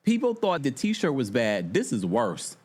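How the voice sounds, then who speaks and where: A man's voice: mid-range voice, unhurried, slightly rough. A man hosting a casual reality TV recap, exasperated and chatty, reacting to his viewers. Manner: exasperated, animated, chatty, talks to the chat. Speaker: podcast host.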